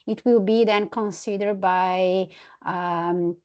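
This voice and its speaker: A woman presenter answering a question in a webinar, measured and explanatory. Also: medium pitch, steady tone, a little mellow, highs cut off. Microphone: video call.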